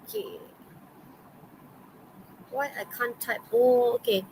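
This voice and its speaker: A woman's voice: on the high side, lively intonation, takes it slowly, darkish tone, low-quality recording. A woman with a Malaysian English accent teaches an online English class. She talks in a loose, chatty way, packed with okays and fillers. A faint noise sits under her voice. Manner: chatty, many okays and fillers, laughs often.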